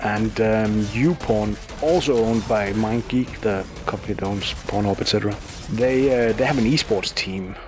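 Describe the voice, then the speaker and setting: A man's voice: on the low side, normal speed. Chatty man explaining the news. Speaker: podcast co-host. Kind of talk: casual chat.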